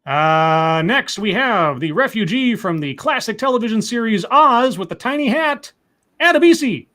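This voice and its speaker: A man's voice: sits high, lively intonation, moderate pace, bright, forceful tone. A man hosting a live call-in stream, chatting casually and joking, with lots of fillers and restarts. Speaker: livestream host.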